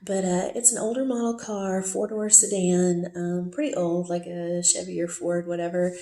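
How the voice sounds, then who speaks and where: A woman talks through a personal story at an easy, wandering pace, her mellow, darker voice bouncing in an echoey room. She keeps stopping for fillers and side remarks. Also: lowish voice, level tone, normal speed. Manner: rambling, many fillers and asides. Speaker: storyteller recounting a relationship.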